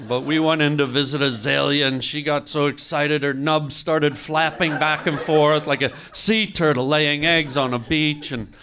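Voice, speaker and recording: A man doing improvised stand-up in a club, telling an absurd tragic story with mock grief and snapping at the audience now and then. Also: a little high. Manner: deadpan mock-grief storytelling, mock-angry outbursts at the crowd. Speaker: stand-up comedian. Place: comedy club stage with a laughing audience.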